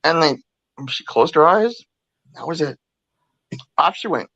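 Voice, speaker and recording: Older woman, co-host, lively storyteller, laughs a lot, dry close sound. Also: deep voice, a little slow, no echo, highs cut off. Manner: animated storyteller, laughs often. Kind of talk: casual chat.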